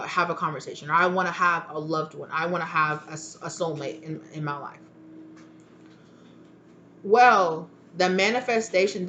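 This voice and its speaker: A woman giving a casual tarot reading to her viewers, chatty and animated, often checking in with "right?". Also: lowish voice, slight background noise. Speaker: tarot reader. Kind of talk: casual spiritual reading to camera.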